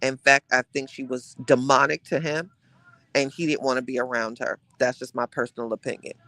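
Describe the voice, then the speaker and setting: A man with a medium-pitched voice, speaking a little fast, hosts a live-streamed gossip show. He chats casually with viewers in an animated, dramatic style, slipping into hushed asides.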